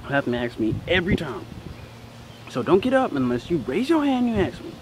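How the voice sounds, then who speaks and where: A stern, nagging schoolteacher woman, as a teenage boy puts her on, scolding in a high, swooping voice. She sounds exasperated and fed up. Loud vehicle noise rumbles behind. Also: big pitch swings, a little fast.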